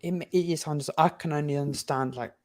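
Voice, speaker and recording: A young man from England giving opinionated, animated takes in a casual football chat, often stumbling and restarting. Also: on the high side, fairly quick. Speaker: panelist.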